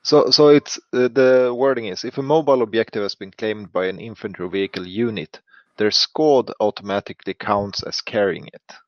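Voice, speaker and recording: Lowish man, hesitant, on a dull line. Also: moderate pace, no echo. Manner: hesitant, full of fillers and laughs. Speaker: podcast co-host or guest. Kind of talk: casual podcast chat.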